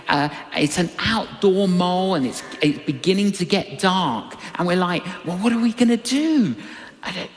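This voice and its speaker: An older man preaching a sermon, telling a personal story and acting out the voices of people in it. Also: high-pitched. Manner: animated storytelling, acts out voices in quotes. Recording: long reverb of a large hall.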